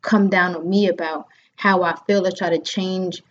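Animated woman telling a story, lo-fi. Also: lowish voice, moderate pace, slight background noise. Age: 30s. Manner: animated, acts out quotes, frequent fillers. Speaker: podcast host. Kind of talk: casual chat, storytelling. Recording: dull lo-fi sound.

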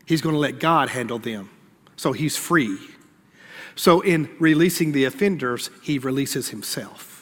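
A man's voice: mid-range voice, unhurried, a bit bright, big-room sound. A male pastor delivering a sermon in a conversational style, acting out prayers and playful asides.

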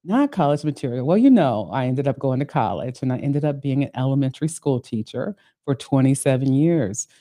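A woman in her later years hosting her own podcast, telling her life story in an animated way with frequent laughter. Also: extremely low pitch, brisk. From Ohio, United States. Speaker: podcast host. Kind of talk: solo podcast monologue.

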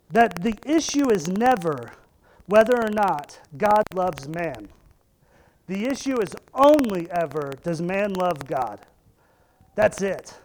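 A man's voice: high voice, darkish tone, a little hiss or hum, low-quality recording. A man in his thirties preaching a sermon, emphatic and repeating phrases for stress. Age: 30s. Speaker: pastor.

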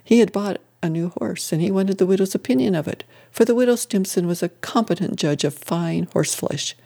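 A reader tells an old-fashioned tale in steady audiobook narration. The tone is mellow and dark, with no sharp edges. The pacing is even throughout. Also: mid-range voice, fairly quick, vocal fry. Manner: steady storytelling.

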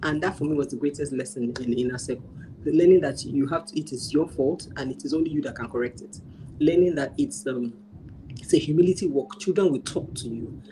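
A woman guest sharing her parenting experience in casual chat, telling animated stories, acting out dialogue and laughing often. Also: sits low, fairly quick, slight background noise, poor audio.

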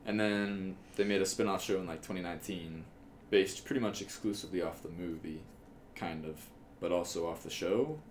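A young man with a lowish voice trading jokes and quick asides on a casual podcast. His voice rings in an echoey room with a faint hiss behind it. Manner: joking, chatty, quick asides. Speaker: podcast co-host. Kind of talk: casual chat.

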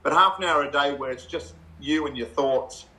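A middle-aged Australian man, a guest in a casual chat, telling animated stories with laughs and acted-out quotes. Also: fairly high pitch, normal speed, rough recording.

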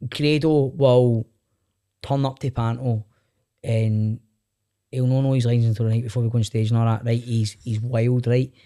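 A middle-aged Glaswegian man talks casually as a podcast guest, at a mid-range pitch. He tells animated stories and swears freely. His laughter breaks in often. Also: normal speed. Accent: Glaswegian Scottish. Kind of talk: casual chat.

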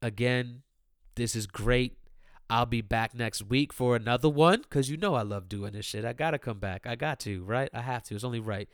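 A man's voice: medium pitch, normal speed, no echo, clean studio sound. A man hosting his own podcast, ranting in a profane, heated and repetitive way and talking straight to his listeners. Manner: talks directly to listeners. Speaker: podcast host. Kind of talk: casual solo podcast rant.

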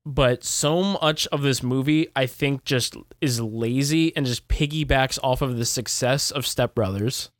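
A laid-back young man co-hosting a film podcast, blunt in his opinions and casual with swear words. His voice sits at a middle pitch and is recorded dry and close. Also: measured pace, hardly any pauses, no echo. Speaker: podcast co-host. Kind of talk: casual movie review chat.

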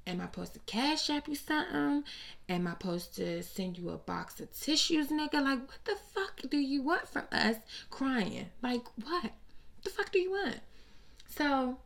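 A woman with a gravelly, fry-tinged voice runs through celebrity gossip in a casual, unscripted way. Her delivery is blunt, profane and sassy, with an animated bounce. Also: sits high, moderate pace. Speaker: host.

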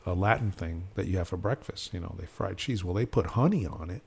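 Casting: male podcast host, low gravelly voice, chatty storyteller who acts out every quote. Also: a little fast. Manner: animated storyteller, acts out quotes, many fillers. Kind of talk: casual chat.

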